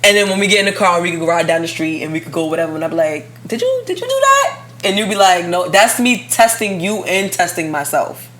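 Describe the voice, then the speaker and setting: A woman co-hosting a casual relationship podcast, animated and blunt, acting out both sides of conversations. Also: on the low side, fast. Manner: blunt, swears freely. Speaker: podcast co-host.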